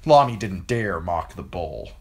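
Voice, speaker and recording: A man reading a novel aloud as an amateur audiobook narrator, in an expressive storytelling way. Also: low voice, a little slow.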